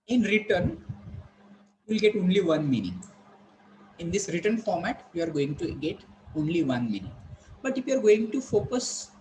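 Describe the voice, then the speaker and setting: Brief: a man playing an lecturer, higher voice, unhurried, repeats points, faint background noise. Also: a little mellow, poor audio. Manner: slow, repetitive explaining with frequent pauses. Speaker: teacher. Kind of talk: online classroom lecture.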